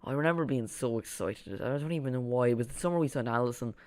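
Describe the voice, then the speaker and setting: A man's voice: mid-range voice, fast, a little mellow, smooth, no echo. A young Irish man chatting casually while streaming a football watchalong from home, rambling with frequent restarts. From Ireland. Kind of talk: casual live commentary.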